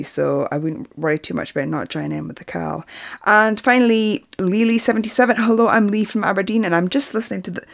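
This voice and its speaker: A woman from the UK hosts her podcast in a relaxed, chatty way. Her voice sits a little low. She reads out listener messages between friendly asides. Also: vocal fry. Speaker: podcast host. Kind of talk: casual podcast chat.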